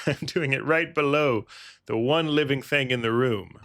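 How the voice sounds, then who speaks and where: A man's voice: mid-range voice, a little slow, fairly bright tone. A male comedian riffing sarcastically while reacting to a cartoon, often slipping into silly voices. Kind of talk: comic reaction commentary.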